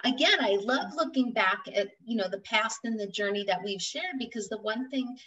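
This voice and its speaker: A woman's voice: fairly high pitch, animated, moderate pace, pushed and bright, recorded from a distance, highs cut off. A woman hosting a podcast as a matchmaker, gushing and enthusiastic.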